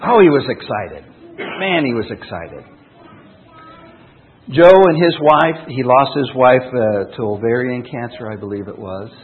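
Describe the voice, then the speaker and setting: A man's voice: medium pitch, a little slow. A man, a pastor, preaching a sermon earnestly, reading scripture and telling stories, with a tinny, phone-like sound. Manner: earnest, with lively rising and falling emphasis.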